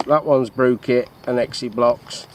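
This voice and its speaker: Relaxed man showing his kit outdoors. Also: mid-range voice, measured pace, a little hiss or hum. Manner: relaxed, rambling, with frequent fillers. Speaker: bushcraft vlogger. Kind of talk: casual show-and-tell of gear. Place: outdoors in the countryside.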